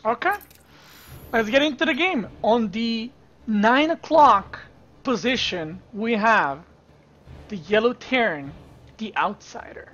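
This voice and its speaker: Woman, streamer, casual esports commentary, chatty, talks to viewers, fairly high voice. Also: expressive, slow, pauses often, fairly bright tone, highs cut off. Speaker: streamer and caster.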